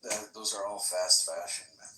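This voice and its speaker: A man's voice: on the low side, steady tone, moderate pace. A man chatting casually in a laid-back, slangy way on a comedy stream. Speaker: stream participant. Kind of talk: casual chat. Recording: distant, echoey voice chat, faint noise.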